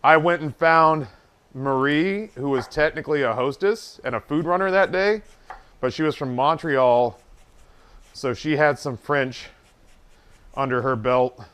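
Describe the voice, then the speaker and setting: A man's voice: on the high side, a little slow, a bit bright, clean tone. A man streaming live, telling a long story from his waiting days in a casual, profane, self-deprecating way.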